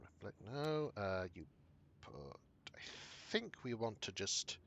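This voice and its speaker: A man's voice: lowish voice, lively intonation, takes it slowly, vocal fry, fairly bright tone, slight background noise. A man thinking aloud as he plays a video game, hesitant with many fillers. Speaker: streamer playing a video game. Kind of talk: casual gameplay commentary.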